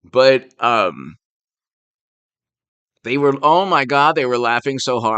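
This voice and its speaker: A man's voice: medium pitch, lively intonation, takes it slowly, pauses often, pushed and bright, clear, resonant tone, no echo. A man doing a casual political live stream, rambling and sarcastic, stopping to thank viewers who send donations. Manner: rambling, sarcastic, thanks super chat donors mid-talk.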